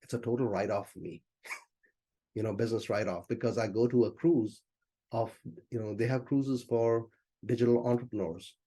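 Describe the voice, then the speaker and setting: A man's voice: medium pitch, steady tone, moderate pace, dark tone. A man as a business coach, teaching in a loose, conversational way during an online session and often saying "you know".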